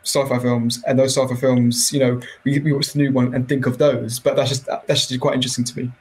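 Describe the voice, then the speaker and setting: A man who is a podcast guest, talking about a film in a relaxed, rambling way. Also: mid-range voice, fairly quick, low-quality recording. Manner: relaxed, rambling, laughs easily. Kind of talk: casual film review chat.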